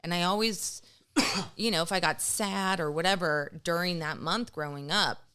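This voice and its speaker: A woman's voice: on the low side, normal speed, sharp tone, a little hiss or hum. A middle-aged woman co-hosting a podcast, talking casually and emotionally, often quoting others. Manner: emotional, tearful at moments, quotes people in voices. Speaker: podcast co-host. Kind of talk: casual chat.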